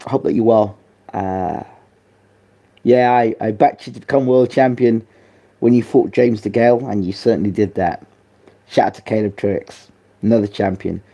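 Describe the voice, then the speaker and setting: A man giving a personal spoken tribute as a boxing channel host, grieving, soft and halting, with many pauses and fillers. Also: lowish voice.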